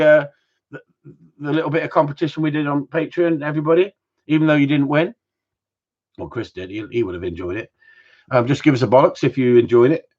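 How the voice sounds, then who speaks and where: A man's voice: medium pitch, a little mellow. A man hosting a casual live-stream Q&A from home, rambling and joking with mild swearing. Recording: slightly dull lo-fi sound.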